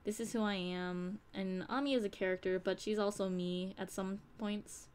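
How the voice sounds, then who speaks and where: A woman's voice: mid-range voice, fairly even intonation, moderate pace, a little mellow, clear, resonant tone. A young woman talking on a live stream, in a candid, rambling way with casual swearing. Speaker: streamer and audio creator.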